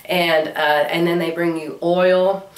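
Slightly hoarse middle-aged woman vlogging, giggly and chatty, a bit far from the mic in a roomy space. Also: fairly low pitch, little pitch movement, takes it slowly. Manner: chatty, giggly, with playful squeals. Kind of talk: casual chat. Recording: echoey room, away from mic.

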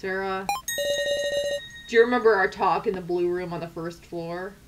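女主播扮演的低沉忧郁的男警察. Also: female voice, on the low side, moderate pace, slight background noise, close to an everyday voice. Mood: brooding. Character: brooding young male policeman, guilt-ridden. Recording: loud background music.

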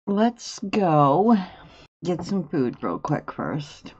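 A woman's voice: low voice, very slow, husky, highs cut off. A woman giving casual gameplay commentary, thinking aloud about her choices as she plays. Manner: relaxed, thinks aloud while playing. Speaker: gameplay video host. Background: faint game music.

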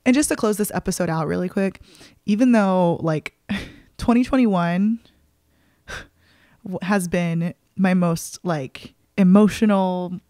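A woman's voice: mid-range voice, a little mellow, no echo, studio quality. A young adult woman hosting her own podcast in casual solo chat, talking in an open, emotional way with many fillers. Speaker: podcast host.

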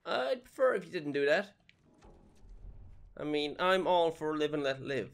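A man's voice: a little high, big pitch swings, measured pace, vocal fry. Jokey reactive male gameplay commentator. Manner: jokey, reactive, drops to whispers when sneaking. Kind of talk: casual let's-play commentary. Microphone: desk microphone.

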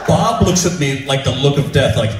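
A man spins a funny personal story for a live crowd, his pitch swinging up and down with the telling. He is heard from a distance in a roomy, echoing venue, with faint noise underneath. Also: normal speed, over music. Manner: animated, self-deprecating, laughs through the story. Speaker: stand-up storyteller, show host. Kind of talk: comic storytelling to a live audience. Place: shipboard show venue.

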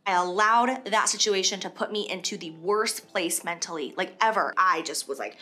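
A woman's voice: fairly low pitch, a little fast, hardly any pauses, sharp tone. A woman vlogging in a gushing, confessional way, emphatic about how she feels. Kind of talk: personal vlog talk.

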